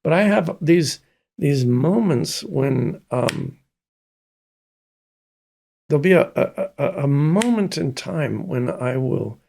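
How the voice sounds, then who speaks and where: An older man from Mississippi, telling stories slowly and thoughtfully as an interview guest. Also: fairly high pitch, animated, warm tone, a little hiss or hum. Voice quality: gravelly and husky. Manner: slow, thoughtful storytelling with many pauses. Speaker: guest, pianist and composer. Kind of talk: casual interview talk.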